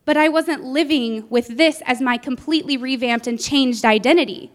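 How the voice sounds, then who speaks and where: A woman preaching a sermon, telling a personal story in an earnest way and acting out what she said back then. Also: high voice. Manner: earnest, storytelling, acts out her own past words.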